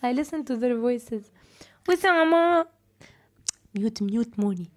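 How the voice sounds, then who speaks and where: A woman's voice: a little high, lively intonation, slow, darkish tone. A woman hosting a casual livestream, chatting playfully with viewers in simple broken English and laughing often. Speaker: livestream host.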